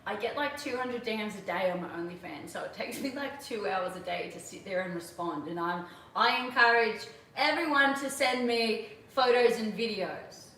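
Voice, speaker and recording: A woman's voice: medium pitch, normal speed, hardly any pauses, pushed and bright, far from the mic, slight background noise. A young Australian woman in her twenties, chatting casually on a livestream, reading out viewer questions and laughing often. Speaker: livestream host. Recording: echoey room, voice off-mic.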